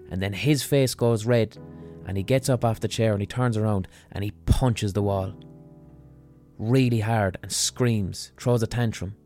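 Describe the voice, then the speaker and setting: A man with a lowish voice talks through a casual podcast monologue, blunt and full of swearing. Faint music plays behind him. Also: warm tone. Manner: blunt and profane. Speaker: podcast host.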